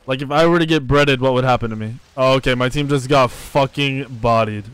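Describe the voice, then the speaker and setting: A young man streaming a game live, commenting excitedly, swearing, trash-talking and thanking viewers from chat. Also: medium pitch, fairly quick, smooth. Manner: reads out chat and thanks donors.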